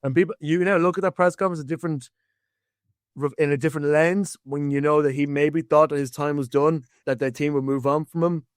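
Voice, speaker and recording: A man's voice: on the high side, fairly even intonation, fairly quick, clean tone, no room sound, clean studio sound. An Irish man hosting a sports podcast, chatting casually and jumping animatedly between points. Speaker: podcast host.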